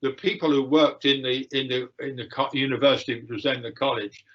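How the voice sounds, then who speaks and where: An older man giving a lecture and answering questions, with frequent fillers, pauses and restarts. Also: mid-range voice, fairly even intonation. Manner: hesitant, many fillers and restarts. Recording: dull lo-fi livestream audio.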